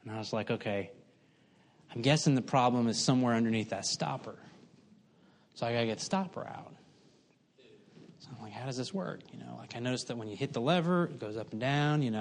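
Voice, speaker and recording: A man's voice: medium pitch, fast talker. A middle-aged man preaching, telling a folksy, self-mocking story with humor. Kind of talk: sermon.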